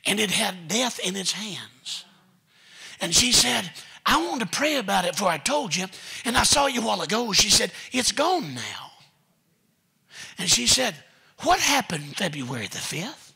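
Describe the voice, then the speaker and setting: Preacher man, raspy gravelly voice, high and swoopy, tells stories then hollers. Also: sing-song, measured pace. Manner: storytelling with folksy asides, building to shouted commands. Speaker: guest preacher. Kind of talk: sermon. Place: church sanctuary.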